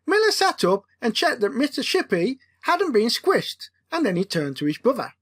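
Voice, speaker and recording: Woman author, playful comic audiobook reading, higher voice, very lively. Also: normal speed, hardly any pauses, husky. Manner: expressive, playful. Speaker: author reading her own book.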